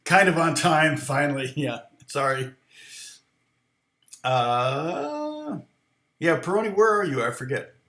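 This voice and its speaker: Middle-aged guitar teacher, chatty and rambling, slightly high voice, roomy echo. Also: male voice, sing-song, slow, long pauses, sharp tone. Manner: rambling, with many fillers, restarts and chuckles. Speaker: guitar teacher streaming live. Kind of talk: casual storytelling.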